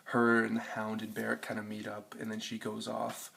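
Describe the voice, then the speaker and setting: A man's voice: on the low side, completely flat delivery, normal speed, gravelly, fairly bright tone, breathy edge. A young man giving a frustrated, profane rant reviewing a TV episode, with lots of fillers. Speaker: TV review vlogger. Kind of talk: casual ranting review.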